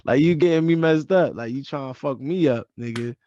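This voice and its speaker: A man hosting a podcast in casual chat, animated and insistent, repeating his points. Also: mid-range voice, brisk, no echo, lo-fi sound. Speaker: podcast host.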